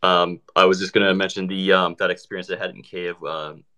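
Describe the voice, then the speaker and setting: A man with a very deep voice chats casually in an online audio room. He talks hesitantly, pausing often with fillers and restarting his sentences. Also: flat delivery, bright, forceful tone, smooth. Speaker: participant in an online audio chat. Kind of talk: casual group conversation.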